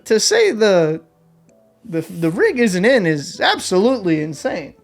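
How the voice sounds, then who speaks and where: A man's voice: sits high, sing-song, unhurried, gravelly, soft background music. A young man hosting an opinion vlog, talking in a blunt, heated and combative way. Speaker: vlog host. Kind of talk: opinion commentary rant.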